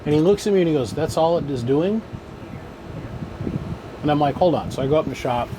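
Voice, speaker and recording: A man's voice: fairly high pitch, expressive, rapid-fire, noisy background. A man who builds amplifiers, telling shop stories in a plain-spoken, casual way. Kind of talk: casual storytelling.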